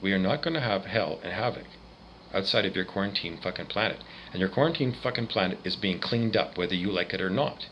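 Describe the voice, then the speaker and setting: A man from Canada ranting angrily, swearing often and swinging between loud outbursts and quieter muttering. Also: sits low, lively intonation, fairly quick, highs cut off, a little hiss or hum. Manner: profane, agitated ranting with swings in loudness. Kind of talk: angry rant monologue.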